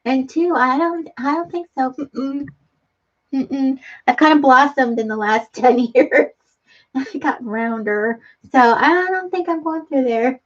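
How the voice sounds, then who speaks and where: A woman's voice: high-pitched, a little slow. A middle-aged woman hosting a casual live stream, chatting and reading comments aloud, laughing often. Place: home craft room. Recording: dull lo-fi live-stream audio.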